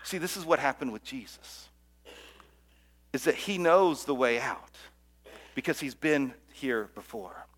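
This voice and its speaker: Earnest male pastor preaching softly. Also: mid-range voice, lively intonation, measured pace, pauses often. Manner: earnest, repeats words, drops to near-whispers at key points. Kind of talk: sermon.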